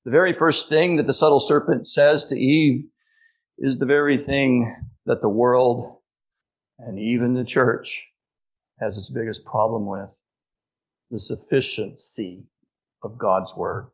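A pastor preaching a sermon, emphatic, slowing down to stress key phrases. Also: male voice, medium pitch, steady tone.

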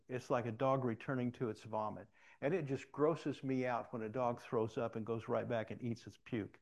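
Folksy preacher guy talking in church, chatty sermon, average pitch. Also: a little mellow. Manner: folksy and conversational, telling stories. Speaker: pastor. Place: church sanctuary.

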